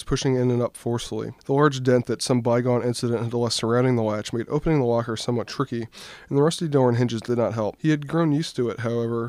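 A young man, a student, reading his own short story aloud in a steady, even storytelling voice. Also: medium pitch, no echo. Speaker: student reader.

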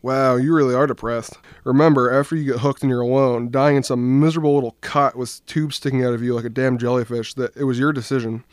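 A young man voicing a joking, cynical teenage boy who teases his friend, a bit louder than his narration. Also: mid-range voice, steady tone, quick pace, hardly any pauses, no room sound, studio quality, natural voice. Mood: wisecracking. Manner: teasing, wisecracking.

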